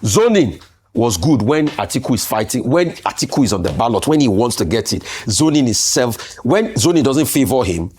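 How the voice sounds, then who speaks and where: A man's voice: mid-range voice, sing-song, moderate pace, a little mellow, slightly rough. A man with a Nigerian accent, arguing emphatically as a political commentator on a studio talk show. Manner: emphatic, argumentative, rhetorical questions.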